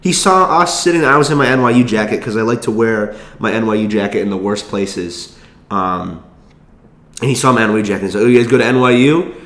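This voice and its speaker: A man's voice: on the low side, a bit bright, reverberant. A young man telling a rambling story in casual chat, swearing freely and restarting his sentences. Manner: rambling, profane, quick asides and restarts. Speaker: vlogger.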